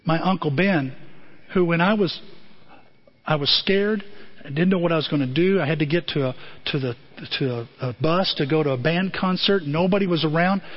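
A man giving a lively motivational talk to a group, calling on listeners by name. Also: fairly high pitch, normal speed, lo-fi sound. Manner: animated, addresses listeners by name.

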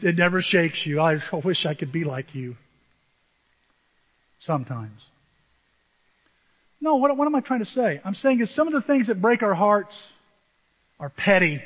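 The sermon comes from an older male pastor with a high voice, who tells animated, self-deprecating stories that swing dramatically from hushed to loud. Recorded in a church sanctuary, the audio is muffled and dull, with the long reverb of a big hall.

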